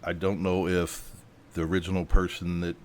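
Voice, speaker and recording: A man's voice: low voice, flat delivery, normal speed, a little mellow, slight background noise. A man hosting a news commentary, indignant and worked up. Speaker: host.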